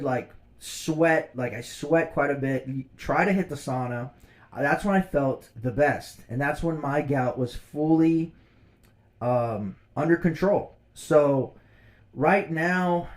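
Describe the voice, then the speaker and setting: A man's voice: fairly high pitch, darkish tone. A man in his thirties telling a personal story as a vlogger, casual, slangy and exasperated.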